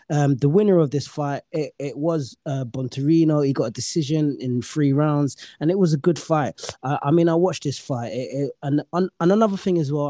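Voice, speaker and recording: Man, podcast host, mellow slightly high voice, dry sound, jokey banter. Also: no room sound. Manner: bantering, swears freely, jokey. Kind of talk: casual podcast chat.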